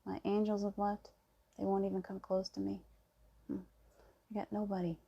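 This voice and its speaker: A middle-aged woman in a casual spiritual monologue, talking softly and reassuringly as she tells a personal story. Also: mid-range voice, monotone, normal speed, creaky, breathy edge, dull audio. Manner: soft-spoken, reassuring, storytelling with gentle emphasis. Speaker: spiritual vlogger.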